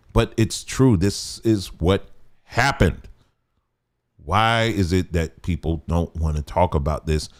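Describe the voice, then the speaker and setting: A man hosting a livestream, talking emphatically, repeating his points and asking rhetorical questions. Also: low-pitched. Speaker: livestream host. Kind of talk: livestream commentary.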